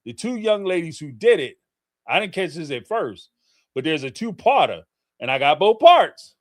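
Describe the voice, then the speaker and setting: Animated middle-aged male livestream host. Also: a little high, moderate pace. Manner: animated, theatrical, laughing storyteller. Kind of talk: casual commentary.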